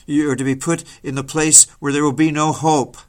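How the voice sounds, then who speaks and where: A man preaching a solemn, dramatic sermon, mostly slow and grave with sudden rises in force. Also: on the high side, little pitch movement. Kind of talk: sermon reading.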